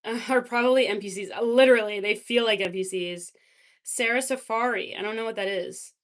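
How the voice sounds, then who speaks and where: A woman's voice: mid-range voice, a little fast. A woman livestreamer in casual chat, reacting to chat messages with lots of fillers.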